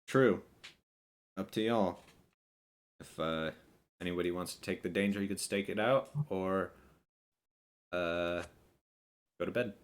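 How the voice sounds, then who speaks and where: Very deep-voiced man running a tabletop game. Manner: casual, halting narration with many fillers. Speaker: game master.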